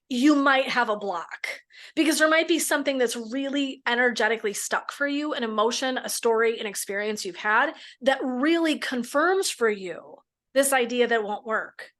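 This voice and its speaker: A woman's voice: fairly high pitch, expressive, normal speed, fairly bright tone. A middle-aged woman, a midlife coach and therapist, guiding listeners through a mindset exercise in a frank, casual way with the odd swear word. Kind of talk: coaching talk in a podcast.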